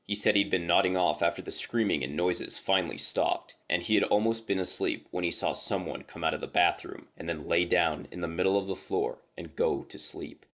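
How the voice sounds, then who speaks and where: Male horror story reader, low register, casual and profane first-person delivery. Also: brisk, few pauses, a bit bright.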